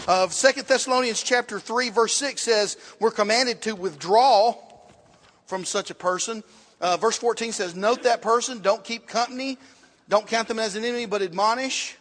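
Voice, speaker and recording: High-voiced man teaching a Bible class. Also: moderate pace, fairly bright tone. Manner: asks the class questions, repeats himself, writes on a board. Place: church classroom. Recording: long reverb in a hall.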